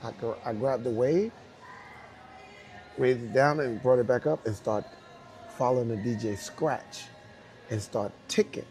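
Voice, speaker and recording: Speaking a little slowly with long pauses, this man has a medium-pitched, darkish voice and a New York accent. He's a dancer guesting on an interview, animatedly telling a story, doing voices and sound effects, cursing and laughing along the way.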